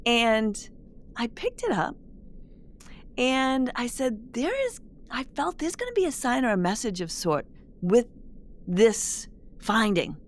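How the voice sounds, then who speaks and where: A middle-aged woman, a spiritual medium, telling a personal story to listeners in a gentle, reflective way with many restarts. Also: on the high side, very animated, slow, pauses often, slight background noise. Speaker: spiritual medium, podcast host.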